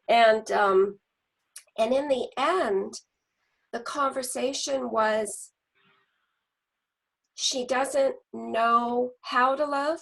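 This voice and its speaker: A middle-aged woman telling a personal story in a group discussion, earnest and animated, with restarts. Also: on the high side, takes it slowly, gravelly, rough recording.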